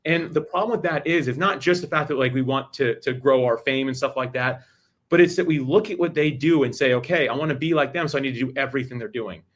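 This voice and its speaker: Fast-talking man giving advice. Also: medium pitch. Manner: rapid, emphatic, many restarts. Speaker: podcast guest. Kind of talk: energetic advice talk.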